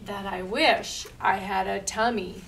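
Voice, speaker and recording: A jittery, timid storybook skeleton, as a woman reader voices him, anxious and hurried. The voice is slow and gravelly. It comes from a distant mic with faint room noise underneath. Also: mid-range voice, steady tone, a bit bright. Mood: nervous. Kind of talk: picture-book read-aloud.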